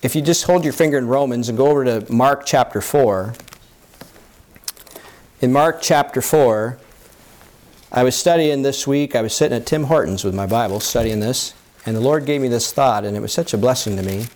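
At a normal speed, a man preaches a sermon, reading scripture aloud and speaking plainly to his congregation. When he acts out people's pleas his voice climbs high and loud, then drops low and soft to reassure.

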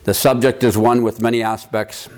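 A man leading an informal Bible study, talking through a passage in a conversational, halting way and checking in with his listeners. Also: medium pitch, little pitch movement. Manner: conversational, halting, quizzes the room. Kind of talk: informal Bible teaching to a group.

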